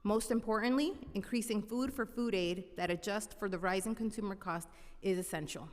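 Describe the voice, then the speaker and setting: A woman, an executive chef, reading prepared testimony to a council committee in a steady, formal manner. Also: mid-range voice, brisk. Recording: echoey council hearing room.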